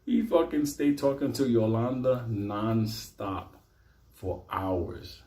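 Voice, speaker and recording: A man telling a comic story in a profane, animated way, swinging between loud bursts and quiet asides. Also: mid-range voice, measured pace. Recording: echoey room.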